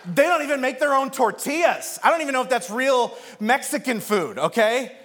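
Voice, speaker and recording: A man preaching a sermon as pastor, telling an animated, self-mocking story and acting out the voices of the people in it. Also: extremely high pitch, moderate pace.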